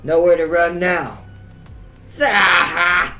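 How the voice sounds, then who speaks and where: A man's voice: high-pitched, steady tone, slow, bright, forceful tone, faint music behind, heavily acted. A man voicing a gloating male vampire villain with a country drawl, menacing and taunting. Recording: echoey room.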